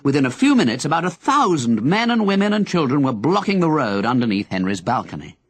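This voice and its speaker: A man narrating an audiobook in an expressive storytelling manner. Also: medium pitch, brisk. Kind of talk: scripted narration.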